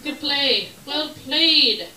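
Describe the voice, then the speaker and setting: A woman performing stand-up on a club stage with an animated delivery and a fairly high voice. She works the crowd and acts out her bits. The sound is distant and echoey, with noise underneath. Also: drawn-out words. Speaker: stand-up comedian. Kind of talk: stand-up comedy set. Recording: echoey room from far off, noisy.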